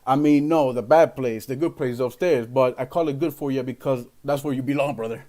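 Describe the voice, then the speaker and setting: A man's voice: medium pitch, fairly quick, warm tone. A man from Venezuela, hosting a ranting political livestream in an emphatic, rambling way with lots of fillers.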